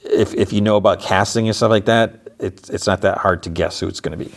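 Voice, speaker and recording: A man's voice: fairly low pitch, fairly even intonation, fairly quick, gravelly. A man hosting a podcast, casually recapping an episode in a rambling, filler-heavy way. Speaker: podcast host.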